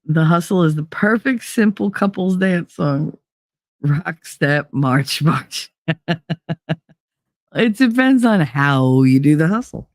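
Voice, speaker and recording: A woman's voice: animated, slow pace, no echo, studio quality. Profane, frank woman telling stories. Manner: frank, profane storytelling that jumps into high mocking voices for quotes. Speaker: livestream host chatting with viewers. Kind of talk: casual livestream chat.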